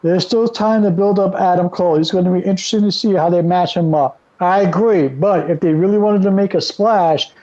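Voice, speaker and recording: Playful high-voiced man, lo-fi audio. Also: fairly quick, few pauses, dark tone. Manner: playful, teasing, laughs often. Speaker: podcast co-host. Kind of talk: casual wrestling chat. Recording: dull lo-fi audio.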